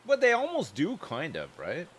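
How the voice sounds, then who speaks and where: A man's voice: on the high side, huge pitch swings, moderate pace, fairly bright tone, a little hiss or hum. A man chatting loosely and joking while livestreaming a game, rambling from one thought to the next. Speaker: streamer.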